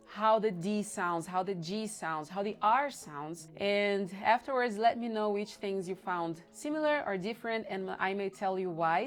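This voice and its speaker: A woman with a Brazilian accent, a native Portuguese speaker, gives an online pronunciation lesson in English. She explains patiently and repeats example words, her voice sitting in a middle register for a woman. Soft music plays faintly in the background. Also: medium pitch. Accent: Brazilian, Curitiba and São Paulo mix. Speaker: language teacher.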